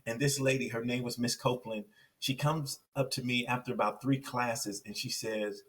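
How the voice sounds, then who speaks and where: A man from Compton, California, speaks as a podcast guest. His voice sits at a middle pitch, and he tells his story with energy, repeating lines for emphasis. He sounds a little distant from the microphone. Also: fairly even intonation, normal speed, a bit bright. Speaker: podcast guest, success coach.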